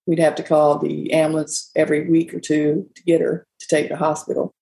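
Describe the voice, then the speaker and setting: Bar owner, woman, gravelly voice, loose folksy storyteller. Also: deep voice, little pitch movement, a little fast, mellow, low-quality recording. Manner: rambling, folksy, quotes people often. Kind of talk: casual storytelling interview.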